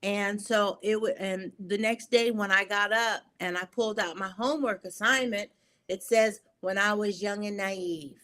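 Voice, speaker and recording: Woman, interview guest, earnest, emotional, halting with fillers, mid pitch. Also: fairly bright tone. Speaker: guest, poet and filmmaker. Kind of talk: storytelling interview talk.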